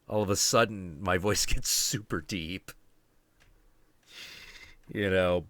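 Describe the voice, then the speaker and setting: A man's voice: low voice, fairly even intonation, slow, long pauses, fairly bright tone, no room sound. A man in his late twenties, hosting a podcast, telling a story in casual chat with plenty of swearing and ranting. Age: 20s. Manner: profane, ranting, confrontational. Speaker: podcast host.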